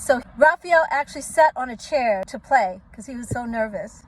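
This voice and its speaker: A woman's voice: high-pitched, moderate pace, a little hiss or hum, poor audio. A middle-aged woman from Oakland, a singer, speaking to her viewers in a candid, indignant commentary vlog. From Oakland, California, USA. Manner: indignant and direct, addresses viewers as y'all. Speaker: singer and vlogger.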